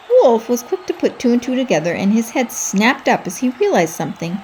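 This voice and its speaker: A woman reading a children's storybook aloud in a lively, expressive way. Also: fairly high pitch, a little fast, few pauses, slightly rough.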